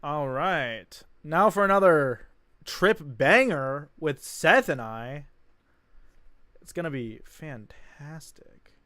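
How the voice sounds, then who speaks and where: Brief: young male streamer, lively sing-song delivery, dry close sound, faint music behind. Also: fairly high pitch, slow pace, dry recording. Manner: rambling, enthusiastic, laughs, repeats himself. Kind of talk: casual live-stream reaction commentary.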